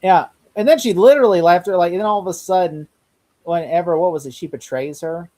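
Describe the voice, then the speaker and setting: A man's voice: sits high, brisk, dark tone. A young man chatting casually on a podcast, rambling, laughing often and acting out lines he quotes. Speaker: podcast host. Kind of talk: casual chat.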